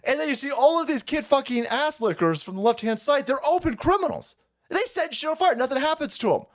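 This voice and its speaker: A man hosting a live stream, delivering a crude, heated rant that swings into loud outbursts and laughter. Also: extremely high pitch, expressive, fairly quick. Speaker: show host.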